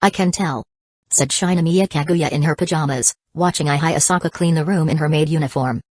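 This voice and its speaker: A woman narrating a novel in an audiobook. Her voice sits low and her reading stays even and steady. The sound is dry and close. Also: fairly quick, no echo. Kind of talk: scripted narration.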